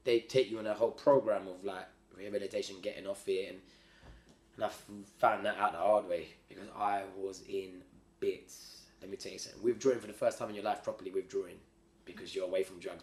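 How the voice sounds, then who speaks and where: A man with a lowish voice tells a long story in loose, slangy, animated talk, doubling back on himself as he goes. The room around him is echoey. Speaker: podcast guest. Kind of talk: casual storytelling. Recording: roomy echo.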